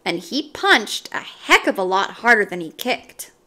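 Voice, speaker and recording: A woman reading a children's chapter book aloud, with expressive, animated narration. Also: mid-range voice, unhurried. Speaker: storybook reader.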